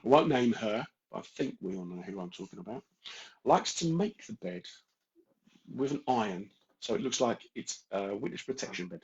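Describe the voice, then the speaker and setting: A man's voice: mid-range voice, lo-fi sound. Straight-talking London man on a live stream. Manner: straight-talking, jokey, addresses viewers by name. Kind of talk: casual live-stream chat reading viewer comments.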